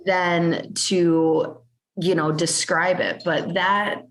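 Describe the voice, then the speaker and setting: A woman's voice: on the low side, fairly even intonation, extremely slow. A woman hosting a podcast interview, talking casually with frequent fillers and restarts. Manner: chatty, with lots of "like" fillers and restarts. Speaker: podcast host.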